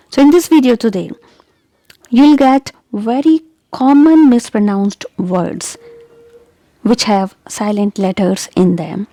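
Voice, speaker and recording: A woman teaching English pronunciation who says each word slowly and deliberately, repeats it, and keeps checking in with "okay?". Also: fairly high pitch, warm tone, no echo. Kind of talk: pronunciation lesson.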